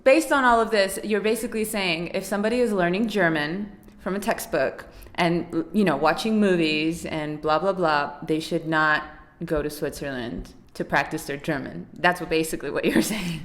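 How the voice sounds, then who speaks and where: A woman's voice: lowish voice, moderate pace, hardly any pauses. A woman hosting a podcast, asking questions and affirming her guest in casual conversation. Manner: attentive, affirming listener. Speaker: podcast host. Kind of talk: casual interview chat.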